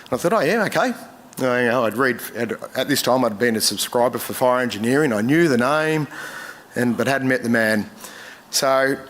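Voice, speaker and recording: An Australian man giving a eulogy full of personal stories, emotional and struggling to hold it together, with many pauses and fillers. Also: mid-range voice, a bit bright. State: choked up. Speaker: memorial speaker.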